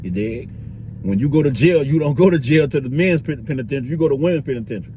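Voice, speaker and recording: A man's voice: medium pitch, animated, fast talker, mellow, a little hiss or hum. A man vlogging in a loose, slangy street-talk monologue, filling it with "you dig" and "bro".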